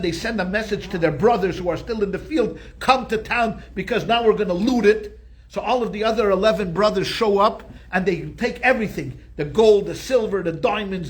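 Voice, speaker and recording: High-voiced rabbi telling a story. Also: male voice. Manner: animated, conversational storyteller with frequent restarts. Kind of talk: Torah class storytelling.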